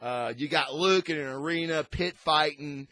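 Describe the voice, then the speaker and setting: A man's voice: a little high, moderate pace, bright, forceful tone, no room sound. A man hosting a casual comic book review, rambling and enthusiastic with frequent restarts.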